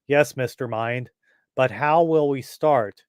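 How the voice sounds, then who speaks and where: A man's voice: medium pitch, takes it slowly, clear, resonant tone, no echo, clean studio sound, close to an everyday voice. A man voicing a servile male henchman in a comic book reading.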